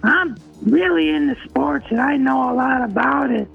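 A man's voice: very high-pitched, moderate pace, gravelly, faint music behind, voice pushed up, exaggerated voice. A man voicing a dim, eager caller who talks simply and repeats himself. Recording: tinny phone line.

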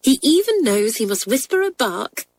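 A woman reading a storybook and voicing an eager, soft-hearted schoolgirl who is close to tears. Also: sits high, sing-song, normal speed, voice pushed up.

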